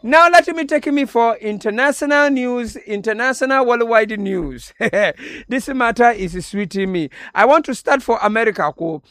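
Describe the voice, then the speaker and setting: A man plays a boastful self-styled international correspondent who rambles in Ghanaian Pidgin English and keeps breaking into giggles. The voice is pitched very high and bright, and it sits dry and close on the studio mic. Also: animated, normal speed, hardly any pauses, dry recording, heavily acted. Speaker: comic radio presenter. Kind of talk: comedy skit. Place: radio studio.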